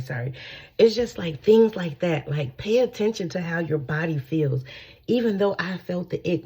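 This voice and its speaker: A woman's voice: low voice, vocal fry, dark tone, slightly rough. A woman giving a casual spiritual teaching from home, rambling and swearing freely, often checking in with her listeners. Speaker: spiritual channeler.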